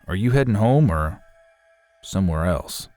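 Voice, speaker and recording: An actor playing a grim, tight-lipped male park ranger who speaks in a low, serious, quietly ominous way in a horror story. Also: expressive, moderate pace, faint music behind.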